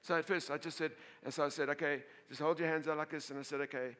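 A male pastor preaching a sermon to a congregation, telling a story in an animated way, laughing and often repeating and restarting his words. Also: a little high, quick pace.

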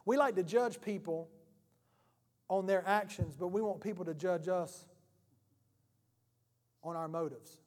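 A male pastor preaches a lively sermon full of jokes, chatting with his congregation as if they were friends. His voice sits high for a man, and a long church-hall reverb trails after his words. He speaks unhurriedly, pausing often, in an animated, humorous, conversational way.

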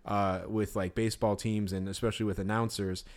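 A man's voice: on the low side, little pitch movement, fairly quick. Casual male podcast co-host who rambles through his points, full of filler words. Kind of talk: casual sports podcast chat.

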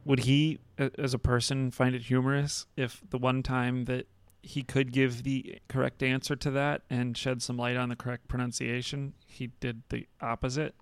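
A man co-hosting a laid-back podcast, rambling through cooking tips and jokes with plenty of swearing. His voice is gravelly yet smooth and resonant. It is recorded close and dry, with no room sound. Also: medium pitch, flat delivery, moderate pace, few pauses, dry recording. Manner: rambling, profane, joking. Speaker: podcast co-host. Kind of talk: casual chat.

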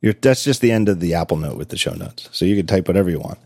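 Man, podcast host, very deep voice, animated swings in pitch, casual storytelling, laughs a lot. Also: quick pace, vocal fry, husky, no echo, clean studio sound. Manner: chatty, self-correcting, laughs often while telling stories. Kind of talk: casual chat.

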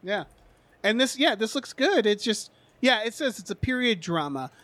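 A man's voice: sits high, big pitch swings, moderate pace, a bit bright, no echo. A man co-hosting a podcast, chatting casually about movie trailers with many restarts and fillers. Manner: rambling, frequent restarts and fillers. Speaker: podcast co-host.

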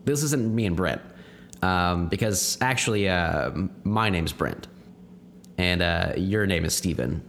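A man's voice: low-pitched, lively intonation, a little slow, vocal fry, fairly bright tone, a little hiss or hum. A man co-hosting a podcast in casual chat, rambling with fillers and laughing often. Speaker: podcast co-host.

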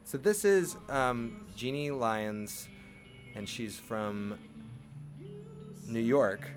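A man hosting a podcast interview, calm and affirming, often ending points with "right?". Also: medium pitch, drawn-out words, music in the background. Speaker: podcast host. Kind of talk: reflective interview talk.

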